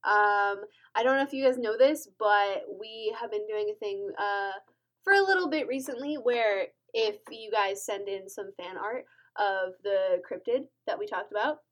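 A woman's voice: mid-range voice, moderate pace, fairly bright tone. A woman co-hosting a casual podcast, upbeat and teasing as she reads the outro. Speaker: podcast co-host.

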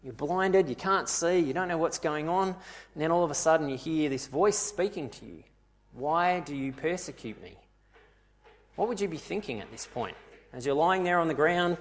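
A man preaching a sermon, retelling scripture vividly and asking his listeners rhetorical questions. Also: a little high.

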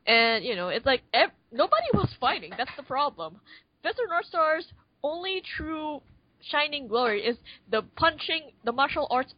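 A woman's voice: on the high side, lo-fi sound. A woman co-hosting a podcast, chatting casually about a movie, rambling with lots of fillers and restarts. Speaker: podcast co-host. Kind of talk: casual movie review chat.

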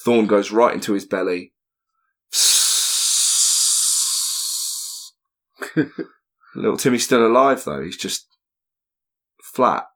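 A man's voice: on the low side, very slow, long pauses, sharp tone. A man co-hosting a podcast, joking, laughing and swearing freely in casual chat. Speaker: podcast co-host, comedian.

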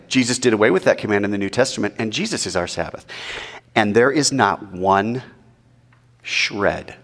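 A man preaching in an animated, rhetorical way and asking the audience questions. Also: lowish voice, long reverb tail. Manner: animated, rhetorical, mock-quoting. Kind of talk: sermon.

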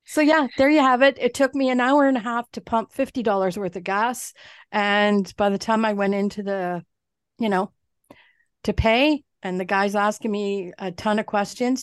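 A woman's voice: medium pitch, fairly even intonation, moderate pace, clean tone, no echo, studio quality. A woman co-hosting a podcast, telling a story in casual chat, swearing and mimicking the people in it. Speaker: podcast co-host.

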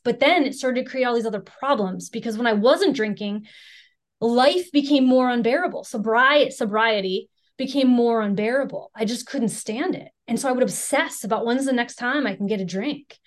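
A young American woman from the Chicago area shares her recovery story as a candid personal testimony, in a somewhat higher voice. She speaks frankly with self-deprecating humor, loosely and conversationally, sprinkling in lots of "you know" and "right."

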